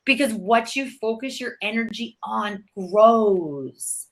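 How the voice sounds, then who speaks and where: A woman's voice: on the high side, slow pace, slight background noise. Woman, motivational guest; emphatic, preachy delivery with casual swearing. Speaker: guest coach. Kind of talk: motivational interview talk.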